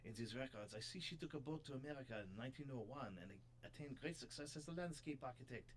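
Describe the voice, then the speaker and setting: A man voicing a formal gentleman in a mock French accent that drifts toward German, read in a stiff, theatrical way. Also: medium pitch, lively intonation, fast talker, slight background noise, pitched above the performer's own voice, lightly acted. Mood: earnest.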